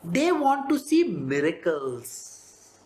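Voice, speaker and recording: A spiritual teacher with an Indian English accent gives a conversational devotional talk on scripture, slipping into playful voices for quotes. The voice is medium-pitched and darkish, with huge pitch swings and drawn-out words, recorded with roomy echo.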